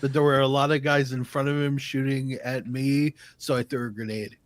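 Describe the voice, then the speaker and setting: Deadpan man, dry dark jokes. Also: mid-range voice, normal speed, no echo. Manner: deadpan, dark-humored remarks. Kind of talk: casual podcast chat.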